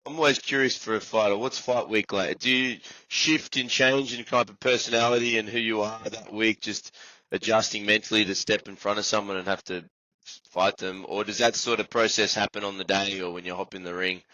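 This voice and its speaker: A man's voice: fairly low pitch, fairly even intonation, a little fast, sharp tone, dry recording. A man hosting a podcast, asking curious questions in a casual, eager way. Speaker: podcast host, powerlifter. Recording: dry, slightly dull mic sound.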